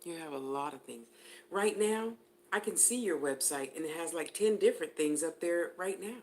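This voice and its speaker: A woman's voice: deep voice, moderate pace, darkish tone. A woman giving a live spiritual reading to viewers. She talks in a chatty way, laughs often, and addresses people by name. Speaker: spiritual reader.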